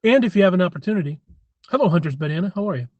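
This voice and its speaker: Casting: man hosting a live stream, slightly high voice, chatty and rambling, dull dry lo-fi sound. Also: lively intonation, very fast, darkish tone, no room sound. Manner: rambling, chatty, frequent throat clearing. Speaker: livestream host. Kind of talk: casual live-stream chat.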